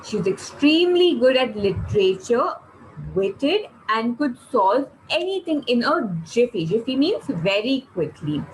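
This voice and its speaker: Lively storytelling teacher. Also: female voice, fairly high pitch, a little slow, slight background noise, low-quality recording. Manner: lively, questions the class, explains words. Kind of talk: online storytelling class for kids.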